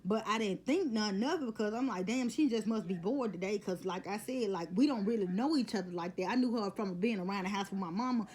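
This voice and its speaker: Casting note: woman, mid-pitched voice, blunt storytime vlogger who swears often. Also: quick pace, hardly any pauses, darkish tone. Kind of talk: casual storytime.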